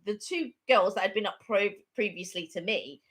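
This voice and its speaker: A woman's voice: mid-range voice, moderate pace, a bit bright, breathy edge. A woman co-hosting a casual live stream chat, telling a long rambling story with lots of repetition.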